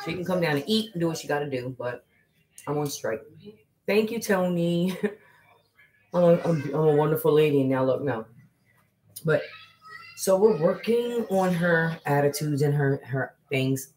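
A woman's voice: deep voice, expressive, moderate pace, darkish tone, poor audio. A woman hosting a casual livestream, chatting to viewers and telling a family story. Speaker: livestream host and mother. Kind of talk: casual live chat.

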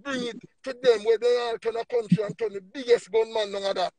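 A man with a Jamaican accent preaching emphatically on a livestream, swinging between low murmurs and loud bursts. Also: fast talker, vocal fry. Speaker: livestream speaker.

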